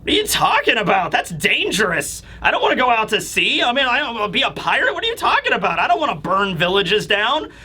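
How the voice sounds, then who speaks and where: A man's voice: on the high side, very animated, very slow, few pauses, darkish tone, husky, pitched below the performer's own voice, heavily acted. A man voicing a group of whiny young giant children who protest indignantly.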